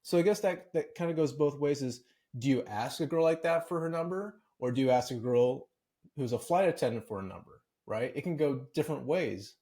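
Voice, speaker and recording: A man speaks as a podcast guest, candid and conversational as he works through his stories. His voice sits at a middle pitch for a man. The delivery is relaxed, casual interview talk. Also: fairly quick.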